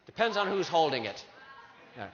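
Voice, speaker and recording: Man playing a proud, self-assured founding-era statesman, insistent, slightly high voice, dull echoey hall recording. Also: very animated, normal speed, fairly bright tone. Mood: explaining. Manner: insistent, grandly self-confident. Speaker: costumed performer at an educational show. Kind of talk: live historical re-enactment for students. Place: large hall with a live audience.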